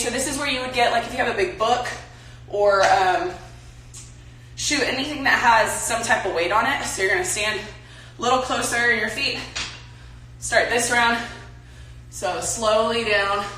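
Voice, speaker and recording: Young woman demoing a home workout, bright-voiced, recorded in an echoey room from a distance. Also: fairly high pitch, slight background noise. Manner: chatty, coaching, talks while exercising. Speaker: softball player leading a workout. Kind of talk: casual home workout demo. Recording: echoey room, mic from afar.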